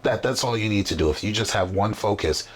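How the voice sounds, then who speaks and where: A man's voice: on the low side, brisk, slight background noise. A man hosting a casual podcast chat, talking in a motivational, emphatic way. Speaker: podcast host. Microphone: camera setup on a desk.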